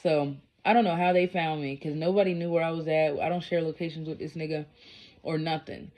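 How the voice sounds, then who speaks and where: A woman's voice: sits low, steady tone, fairly quick, darkish tone. A woman vlogger telling a personal story in a casual, blunt, profane and rambling way.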